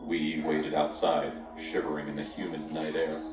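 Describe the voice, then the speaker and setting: A man's voice: rumbling low, flat delivery, normal speed. A man narrating a scripted horror story, dramatic and lingering on grim details. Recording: echoey, distant, with music behind.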